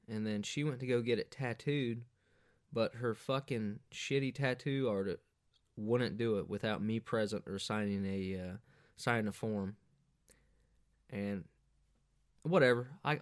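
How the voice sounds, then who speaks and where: A man hosting a podcast, telling a profane, rambling party story in a casual monologue, jumping up in pitch when he quotes people. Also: no echo, studio quality. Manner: crude, profane, rambling anecdotes with animated quoted voices. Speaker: podcast host.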